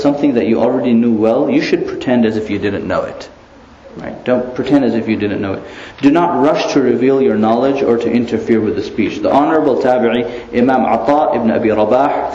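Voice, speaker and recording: A man preaches an Islamic lecture in a lively, animated way, full of rhetorical questions and playful asides. His voice sits at a middle pitch. The recording is a bit muffled, with a roomy echo and a faint hum behind him. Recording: echoey muffled room recording.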